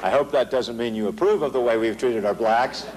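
A man's voice: mid-range voice, a little fast, crowd noise, noisy background. A middle-aged American man giving a political lecture to a large audience, emphatic and sarcastic, driving points home with repeated phrases. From United States. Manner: emphatic, sarcastic, rhetorical repetition. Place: large hall before an audience.

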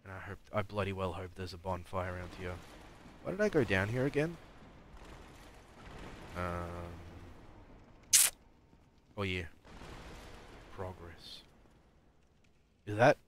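Low-voiced guy rambling while he streams a game, mumbly, bit of hiss behind. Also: expressive, slow, long pauses. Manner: mumbling, rambling, talks back at enemies. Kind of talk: live gameplay commentary.

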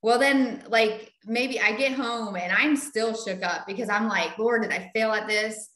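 Brief: middle-aged woman, bright and animated, high-ish voice, echoey room. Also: a little slow. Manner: animated, acts out quoted voices. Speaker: Bible study leader. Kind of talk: casual storytelling.

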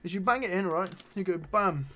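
A man's voice: sits high, a little fast. A young man chatting casually in a vlog, full of slang and swearing as he shows off his shoes. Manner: animated slangy banter with frequent swearing. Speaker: vlogger. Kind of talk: casual chat showing his shoe collection.

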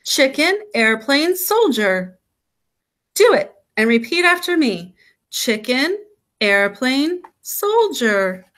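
A woman's voice: high voice, big pitch swings, slow, fairly bright tone, full character voice. A woman doing a patient, coaxing mother frog.

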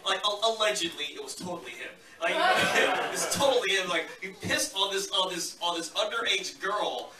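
A man in his thirties doing a stand-up set on a club stage, loud and swaggering, laughing through his jokes. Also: high-pitched, very animated, normal speed, hardly any pauses. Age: 30s. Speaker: stand-up comedian. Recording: echoey room, far-off mic, loud noise.

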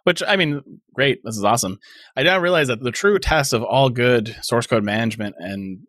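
A man's voice: medium pitch, animated, normal speed, fairly bright tone, no room sound, clean studio sound. A man co-hosting a casual tech podcast, sarcastic and rambling as he thinks aloud. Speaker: podcast co-host.

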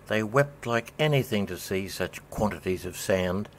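A man narrating a poem in a measured, rhythmic storybook reading. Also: lowish voice, animated, slight background noise.

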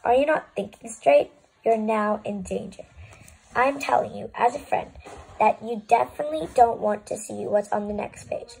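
A woman giving an expressive, dramatic reading of a children's book, swinging between pleading and exasperation. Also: a little high, moderate pace, vocal fry, husky, low-quality recording. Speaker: storybook reader.

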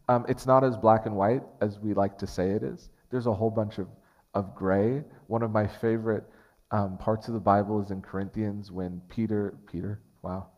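A man's voice: lowish voice, a little mellow, dull audio. A man preaching a sermon as pastor, earnest and conversational, often restarting his phrases. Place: church sanctuary. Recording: long church hall reverb.

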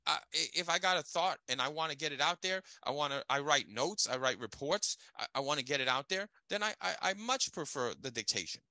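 A man's voice: fairly high pitch, brisk, few pauses, no echo. A man leading a casual tech training session, emphatic and checking in with listeners. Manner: animated, emphatic, checks in with "okay?". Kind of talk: casual teaching chat.

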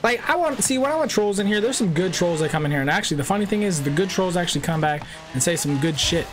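A man's voice: fairly high pitch, expressive, fast, few pauses. Guy in his 20s streaming a car game, brash and sweary, roaring engines behind. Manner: brash, swears, trades jabs with chat trolls. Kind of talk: casual live-stream chat. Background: racing game engine noise.

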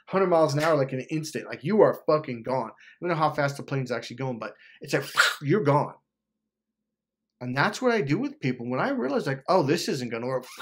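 A man in a passionate, profane motivational monologue, acting out quoted voices and swinging between loud urging and low muttering. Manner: acts out quoted voices of himself and others. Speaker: self-help vlogger.

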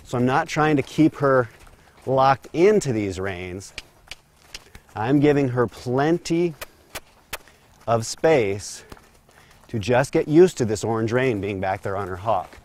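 A man giving a calm, steady instructional demonstration as a horse trainer, talking while working a horse in an outdoor round corral. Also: medium pitch, slow, pauses often, a little hiss or hum.

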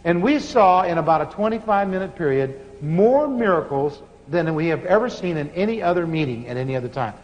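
A man preaching, telling stories with animated laughter. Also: on the high side, brisk, hardly any pauses. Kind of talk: sermon storytelling. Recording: muffled hall recording with faint hiss.

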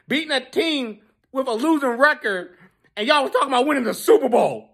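High, lively taunting woman. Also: normal speed. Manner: taunting, laughs between jabs. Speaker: sports fan vlogger. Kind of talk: mocking sports reaction video.

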